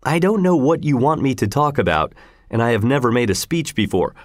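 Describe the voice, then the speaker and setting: A man's voice: medium pitch, very animated, fairly quick, no echo, studio quality, natural voice. A man voicing a modest heroic archer making an earnest speech.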